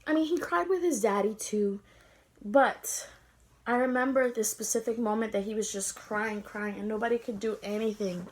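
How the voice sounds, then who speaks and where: A woman's voice: fairly high pitch, normal speed. A young woman vlogger telling an emotional story, tender and rambling, teary-eyed as she talks.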